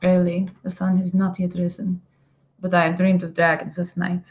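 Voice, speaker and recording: A woman's voice: lowish voice, monotone, normal speed, darkish tone, close to an everyday voice. A woman voicing a grave woman dragon hunter who speaks in a solemn, formal, old-fashioned way, over lo-fi call audio.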